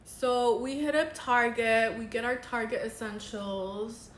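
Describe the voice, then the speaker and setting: A woman's voice: fairly high pitch, fairly even intonation, slow pace, echoey room. A young woman, a makeup artist, telling a dramatic story in casual, chatty vlog style. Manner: chatty, dramatic, says girl a lot.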